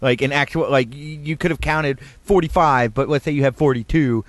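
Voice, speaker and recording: A man's voice: medium pitch, brisk, no echo. A man co-hosting a casual radio talk show, trading dry jokes. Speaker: radio co-host.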